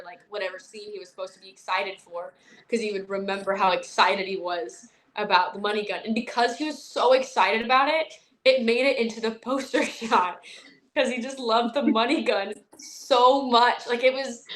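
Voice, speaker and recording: A young woman, an actress, chatting casually in an interview, telling animated stories with lots of fillers. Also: fairly high pitch, moderate pace.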